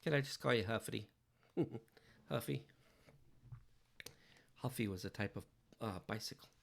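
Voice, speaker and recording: Slow, gravelly man chatting playfully. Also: on the low side. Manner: playful, rambling, jokey wordplay. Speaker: digital artist livestreaming. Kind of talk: casual livestream chat while drawing.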